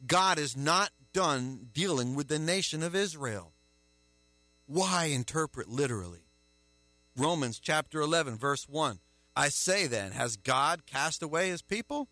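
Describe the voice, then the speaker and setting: A man preaching a sermon, emphatic, with rhetorical questions and a forceful delivery. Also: a little high, dry recording.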